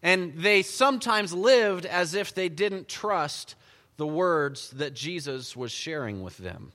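A man preaching a sermon in a church, conversational and animated as he tells the Bible story. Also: on the high side, slow pace. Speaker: pastor. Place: church sanctuary. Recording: long church reverb.

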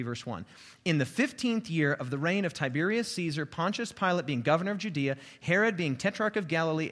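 Guy preaching a sermon, kinda high voice, big dramatic swings loud to hushed, long hall echo.

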